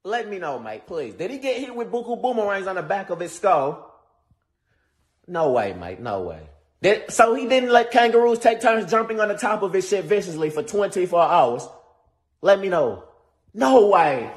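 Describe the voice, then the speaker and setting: Over-the-top wildlife presenter with a fake Aussie accent, played by a man, bouncy, high. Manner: exaggerated, mocking.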